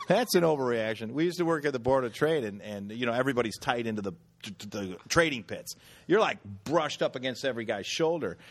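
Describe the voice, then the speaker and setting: A man telling stories in casual chat, animated, laughing often and swearing freely. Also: mid-range voice, brisk.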